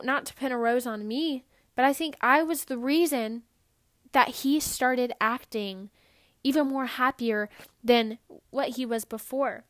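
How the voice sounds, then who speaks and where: A woman's voice: a little high, no room sound, studio quality. Bubbly young woman podcast host. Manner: animated storytelling, bubbly and earnest. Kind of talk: upbeat motivational podcast talk.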